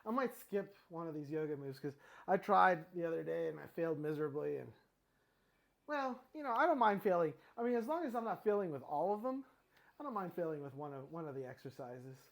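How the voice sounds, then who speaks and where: A man's voice: a little high, animated, brisk, vocal fry. Chatty middle-aged man, slightly winded. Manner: rambling, lots of fillers and restarts. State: a little out of breath. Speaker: fitness vlogger. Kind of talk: casual talk while exercising.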